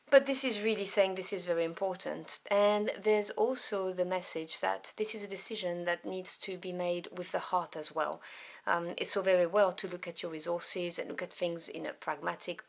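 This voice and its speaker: A woman giving a tarot reading to camera, gentle and meandering, with many pauses and apologies. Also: fairly low pitch, gravelly. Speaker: tarot reader.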